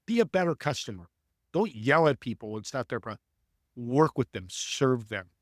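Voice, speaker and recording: A man guest telling animated stories in an interview, acting out voices as he speaks. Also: mid-range voice, moderate pace, no room sound, studio quality. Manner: animated, acts out voices in anecdotes. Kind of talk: storytelling interview talk.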